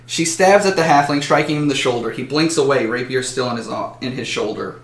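A man's voice: mid-range voice, quick pace, hardly any pauses. A man narrating a fantasy battle story dramatically, with occasional slips. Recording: roomy echo.

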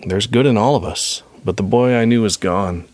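A wise, gentle older woman leader, put on by a man in an amateur script read-aloud. The reading is soft and measured, nudged up from a deep register. The sound is dry and close. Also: no room sound, natural voice. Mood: tender.

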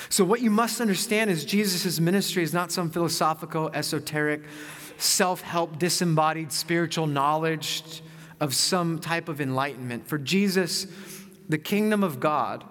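A man in his thirties, a pastor, preaching a sermon and telling a personal story in a lively, self-mocking way. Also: on the high side, moderate pace. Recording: long reverb of a large hall.

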